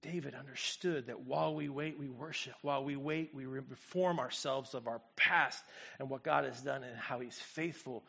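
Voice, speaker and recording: A man preaching a sermon as pastor, swinging from quiet, low reflection to loud, fervent exclamation and calling on the congregation to respond. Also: moderate pace, creaky, slightly rough. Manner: speaks to the congregation directly, asks for responses.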